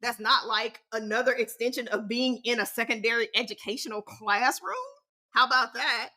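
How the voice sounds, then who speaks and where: A woman's voice: fairly high pitch, steady tone, moderate pace, bright, forceful tone. A woman in her forties hosting a podcast, talking in a sassy, slangy, emphatic way with big swings in her voice. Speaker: podcast host. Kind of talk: casual solo podcast talk.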